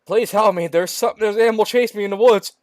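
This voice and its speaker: A man's voice: sits high, racing, a little mellow, no room sound, pitched above the performer's own voice, natural voice. A man voicing a panicked young woman who is fleeing a monster, pleading frantically for help.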